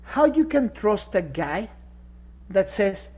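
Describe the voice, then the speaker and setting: A man's voice: high-pitched, very animated, slow pace, a little mellow. A man co-hosting a casual podcast discussion, talking emphatically and rhetorically, sometimes searching for words. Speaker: podcast co-host. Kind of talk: casual chat.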